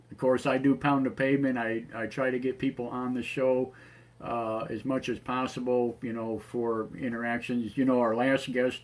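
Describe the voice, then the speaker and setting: Guy hosting a live call-in show, kinda raspy tonight, lots of uh and you know, normal pitch. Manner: rambling, many fillers and restarts. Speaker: radio show host. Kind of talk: casual live-show chat.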